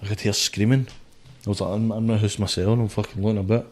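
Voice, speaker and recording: Low-voiced, swearing Scottish man. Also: fairly even intonation, quick pace, a little mellow. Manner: swears constantly, rambling storyteller. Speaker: guest, boxer. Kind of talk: casual podcast chat.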